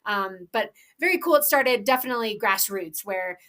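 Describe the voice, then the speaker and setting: A woman who co-hosts a podcast and is a professional trail runner speaks in a medium-pitched, bright, forceful voice with lively intonation at a moderate pace. Her casual chat is enthusiastic and rambling, packed with fillers and restarts.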